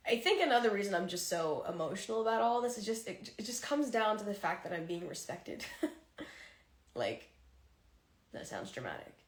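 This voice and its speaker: Talking openly to fans through her phone on a livestream, this woman is emotional and teary, letting out frequent sighs. She speaks at a moderate pace in a mid-range, very animated voice, and the room adds a noticeable echo.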